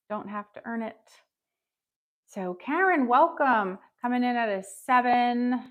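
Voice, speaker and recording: A woman leading a live tapping session, upbeat and encouraging, reading out viewers' scores and having them repeat phrases after her. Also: medium pitch. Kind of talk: guided tap-along with live chat check-ins.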